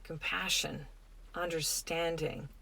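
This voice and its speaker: A middle-aged woman hosting a podcast, giving a gentle, earnest, reflective spiritual self-help talk. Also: sits low, fairly even intonation, takes it slowly, vocal fry. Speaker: podcast host.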